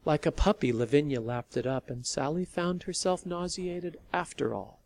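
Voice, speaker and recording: The narrator of a serialized audio story, reading in a steady, measured way. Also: mid-range voice, creaky. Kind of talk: scripted narration.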